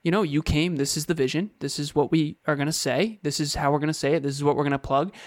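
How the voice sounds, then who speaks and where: A man's voice: fairly high pitch, steady tone, fast, no echo, studio quality. A man co-hosting a podcast, explaining his views in earnest, casual chat with short repeated phrases. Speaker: podcast co-host.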